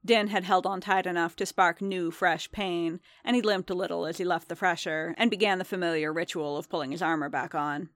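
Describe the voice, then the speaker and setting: Low-voiced woman reading a story. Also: no echo. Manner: measured, steady storytelling. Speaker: narrator. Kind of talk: reading fan fiction aloud.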